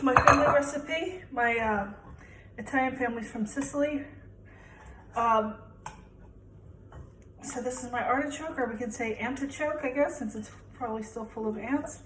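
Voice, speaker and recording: Young woman, home cook vlogger, fairly high voice, chatty and rambling, self-deprecating, recorded in an echoey kitchen. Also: fairly bright tone, slight background noise. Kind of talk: casual cooking demonstration.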